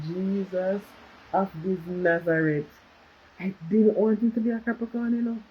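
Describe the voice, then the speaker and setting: A woman's voice: mid-range voice, breathy edge, highs cut off. A woman chatting casually on a livestream, reading out viewers' comments and slipping into patois. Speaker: livestream host. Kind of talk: casual live chat with viewers.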